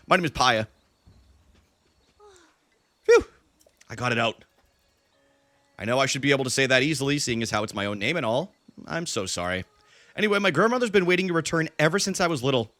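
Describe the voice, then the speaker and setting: A man's voice: mid-range voice, bright, forceful tone, no room sound. Man reading as a shy stammering young woman. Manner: stumbling, read plainly off the screen.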